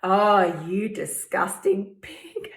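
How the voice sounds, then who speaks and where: A woman's voice: mid-range voice, big pitch swings, very slow. A woman voicing a cruel, contemptuous inner critic voice, sneering and scornful. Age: 50s. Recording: roomy echo.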